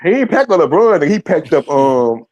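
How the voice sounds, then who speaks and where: A man's voice: a little high, big pitch swings, normal speed, darkish tone. Blunt man on dull lo-fi audio. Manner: blunt, profane, dismissive. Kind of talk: casual sports banter.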